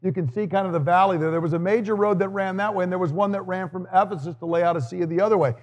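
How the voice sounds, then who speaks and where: A man with a fairly high voice preaches a sermon, reading scripture and then explaining it in an earnest, teaching manner. Light humor slips into his delivery. The recording carries the long reverb of a large hall. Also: fairly even intonation, fast talker. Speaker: pastor.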